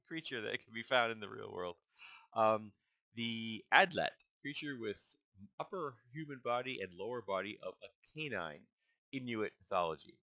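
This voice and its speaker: A man with a low, forceful voice reads through a list and muses on each entry. He speaks in a casual, halting way and stumbles over names he does not know. The sound is dry and close, with no room echo. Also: expressive. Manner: thinks aloud, halting over unfamiliar names. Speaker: channel host. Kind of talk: casual musing while reading a list aloud.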